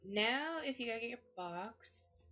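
A woman's voice: on the high side, animated, slow pace, bright, forceful tone. A woman in in-character role-play, patiently explaining things step by step, with faint game music behind. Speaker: fellow role-player.

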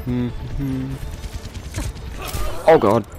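A man's voice: medium pitch, very slow. Swearing Australian man commentating gameplay. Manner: swearing, self-mocking, excitable outbursts. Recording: game music loud behind voice.

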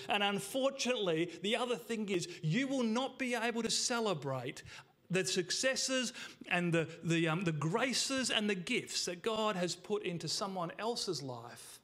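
High-voiced man preaching a sermon. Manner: emphatic, with slowed words and drops to a hush; addresses the congregation directly. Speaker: pastor.

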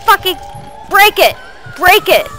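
A woman giving loud, profane gameplay commentary, yelling at her character. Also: very high-pitched, big pitch swings, slow, rough recording. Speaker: let's play gamer.

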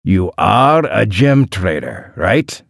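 A man doing a slow, menacing kidnapper boss. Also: lowish voice, sing-song, vocal fry, no echo, studio quality, heavily acted. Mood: interrogating. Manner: slow, heavy, deliberate questioning. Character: heavyset menacing male kidnapper boss, cold interrogator.

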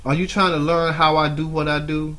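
A man giving mocking reaction commentary on another streamer's clip, scolding her with drawn-out asides. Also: a little high, little pitch movement, fairly bright tone. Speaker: YouTube commentator.

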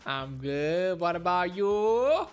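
A woman's voice: on the low side, very animated, slow pace, soft background music, pitched below the performer's own voice. A woman voicing a frantic male cartoon hedgehog hero in improvised game role-play, shrieking and exasperated, begging to be left alone. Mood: panicked.

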